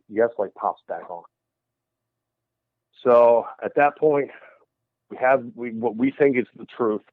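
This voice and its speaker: A man's voice: mid-range voice, slow pace, pauses often, no echo. Man telling a story over a tinny phone line. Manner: animated storyteller who acts out quoted voices. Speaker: paranormal investigator guest. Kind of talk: storytelling in a radio interview.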